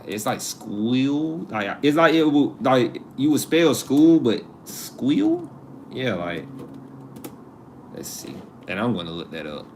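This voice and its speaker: A man's voice: on the low side, noisy background. A man hosting a casual live stream, joking with his viewers and laughing at himself as he talks. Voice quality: laid-back and joking, talks to chat. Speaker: livestream host.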